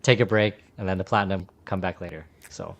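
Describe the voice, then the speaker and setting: A man co-hosting a gaming podcast in casual chat, talking haltingly and repeating words. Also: low-pitched, fairly even intonation, dry recording. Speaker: podcast co-host.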